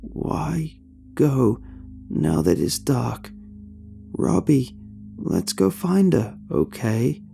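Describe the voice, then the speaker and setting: A man's voice: medium pitch, sing-song, extremely slow, gravelly, long pauses, dark tone, faint music behind, pitched above the performer's own voice, full character voice. A man reading a horror story and voicing a desperate young man who speaks in an urgent, pleading way.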